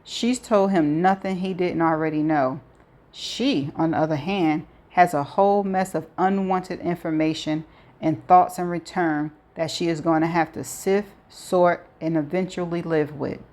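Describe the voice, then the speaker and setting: A woman reading a novel aloud with expressive narration and playful asides. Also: lowish voice, measured pace. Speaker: audiobook reader.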